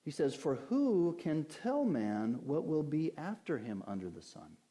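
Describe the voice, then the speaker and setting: A man delivers a sermon in a warm, relaxed tone, his voice sitting a bit higher than most. He moves from scripture to everyday stories, asking his listeners one rhetorical question after another. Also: a little slow. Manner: conversational preaching with lively anecdotes and rhetorical questions. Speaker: pastor.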